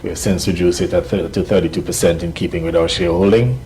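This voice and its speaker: A man giving a firm, measured press statement as head of government, pausing with frequent ums. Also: deep voice, steady tone, mellow, a little hiss or hum.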